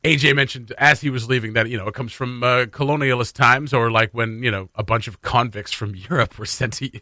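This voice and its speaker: A man's voice: mid-range voice, sharp tone, no echo. A man hosting a morning radio show, chatting casually and poking fun at himself, with frequent laughs and loose asides. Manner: chatty, self-mocking, quick to laugh. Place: radio studio.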